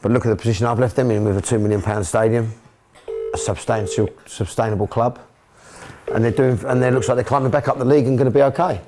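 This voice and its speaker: A man's voice: mid-range voice, steady tone, fast talker, background noise. A middle-aged man from England, a football club owner and manager, speaking emotionally and repeating himself in a candid documentary interview.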